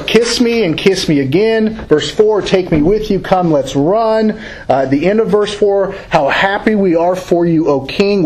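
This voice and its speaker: A man teaching a Bible study class from a handout, reading verses aloud and explaining them in a casual, halting way. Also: fairly high pitch, slight background noise, low-quality recording.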